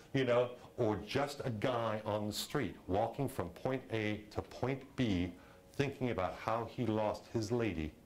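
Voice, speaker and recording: A man giving a lively lecture on film directing, chatty and full of "you know" and "okay", acting out audience reactions with sudden jumps in his voice. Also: fairly low pitch, slight background noise, poor audio. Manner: animated, acts out audience reactions in a raised voice.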